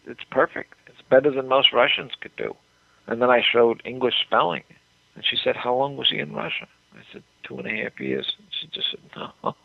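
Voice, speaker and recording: Older male interview guest, gravelly voice, tinny dry phone line, emphatic storyteller. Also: mid-range voice, no room sound. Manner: emphatic storytelling, repeats words.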